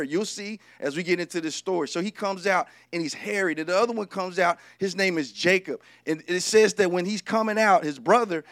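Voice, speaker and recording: A male preacher giving a lively, humorous sermon and talking directly to the congregation. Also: sits high, dry recording, studio quality.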